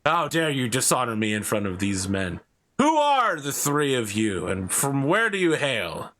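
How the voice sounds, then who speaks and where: A man's voice: mid-range voice, huge pitch swings, a little slow, a bit bright. A man doing a proud, stern knight. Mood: indignant. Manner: indignant, formal old-fashioned speech. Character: stern middle-aged human knight, proud and quick to anger.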